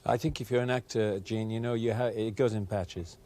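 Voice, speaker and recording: A man's voice: lowish voice, fairly even intonation, fairly quick, dark tone. A man being interviewed as a guest on a TV show, speaking mildly and hesitantly with many ums. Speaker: actor, guest. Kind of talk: casual interview chat. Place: TV studio.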